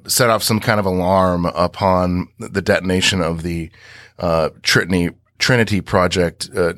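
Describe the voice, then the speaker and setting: A man's voice: sits low, fairly bright tone, no echo, clean studio sound. A man co-hosting a podcast, recapping scenes in a rambling way with many restarts. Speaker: podcast co-host. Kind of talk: casual podcast discussion.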